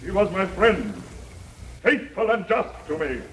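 A man playing Mark Antony, declaiming high. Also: very animated, a little slow, very noisy. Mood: orating. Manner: declaiming loudly without amplification. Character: Mark Antony, Roman man giving a funeral oration. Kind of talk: classical stage acting. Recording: distant, echoey outdoor stage recording with audience.

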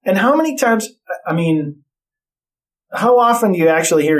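A middle-aged man talks in relaxed conversation, bluntly telling stories with plenty of profanity. His voice sits a little higher than most men's. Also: moderate pace. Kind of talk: casual chat.

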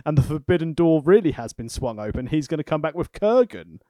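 Man, sarcastic wrestling podcast co-host, animated pitch, dry close recording. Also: a little fast, no room sound. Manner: wry, sarcastic commentary. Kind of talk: casual podcast chat.

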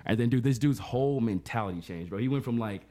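Fast-talking animated male podcast host. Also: medium pitch. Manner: animated storyteller, peppers talk with "you know what I'm saying". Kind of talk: casual chat and storytelling.

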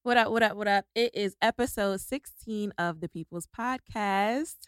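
A woman's voice: medium pitch, moderate pace, clear, resonant tone, no echo, clean studio sound. A woman co-hosting a casual podcast, playful and joking, breaking into rapper-style ad-libs. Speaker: podcast co-host.

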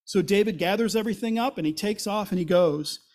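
A man's voice: high-pitched, fairly quick, a little mellow. A man preaching a sermon as pastor, in a conversational, explanatory way, asking rhetorical questions and voicing the quotes he reads. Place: church.

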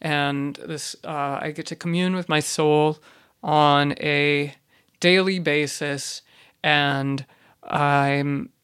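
A man hosting a podcast, delivering an ironic comedic monologue in a rambling deadpan way with many fillers and restarts. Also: fairly high pitch, very slow, clear, resonant tone, dry recording, studio quality. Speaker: podcast host.

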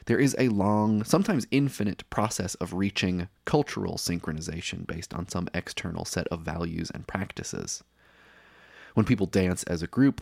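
Deep-voiced man with wry podcast narration. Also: creaky, darkish tone, slightly rough, dry recording. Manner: dry, wry asides, digressive anecdotes. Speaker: podcast host.

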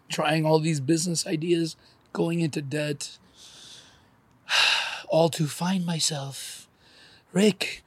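A man in his forties talks through tears in a podcast chat, swearing often and laughing between words. His voice is gravelly and husky, and it sits a little high for a man. The room sounds dry. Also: no echo. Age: 40s. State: crying. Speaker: podcast co-host. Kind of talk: emotional podcast conversation.

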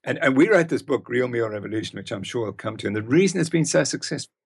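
Gravelly, husky older man. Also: mid-range voice, lively intonation, quick pace. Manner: emphatic, storytelling. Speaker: guest expert. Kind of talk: conversational interview.

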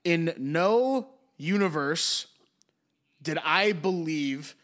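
A young man with a bright, forceful voice that sits a little high for a man. He talks through his favorite films with eager enthusiasm, swearing freely and stretching out the phrases he wants to land. His delivery feels like a casual podcast chat. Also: animated, extremely slow. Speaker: podcast co-host. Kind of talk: casual film discussion.

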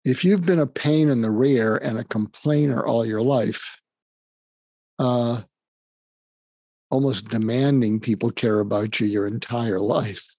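An older man talks in a gravelly, husky voice, slow and halting, with many small pauses. He sounds calm and close to the mic. The room adds little echo. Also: mid-range voice. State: facing terminal illness. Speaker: guest, psychiatrist and author. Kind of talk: emotional conversational interview.

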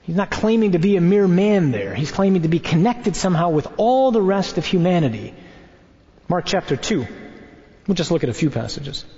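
A priest teaching in a conversational sermon, animated and wry, tossing out rhetorical questions. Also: male voice, sits high, moderate pace. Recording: dull recording in a reverberant hall.

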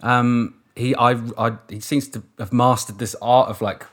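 A man's voice: medium pitch, steady tone, measured pace, a bit bright. Englishman, surf commentator guest, loose rambling chat with restarts and easy swearing. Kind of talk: casual interview chat.

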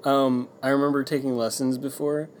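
A man who is a podcast guest, chatting casually, soft-spoken, rambling and giggly. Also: medium pitch, level tone, normal speed, a little hiss or hum. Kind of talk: casual chat.

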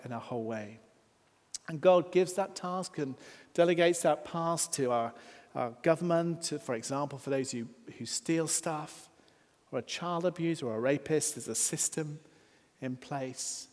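A man preaching a sermon, earnest, building emphasis with rising lines and then dropping soft. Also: a little high, in a large hall. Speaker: pastor.

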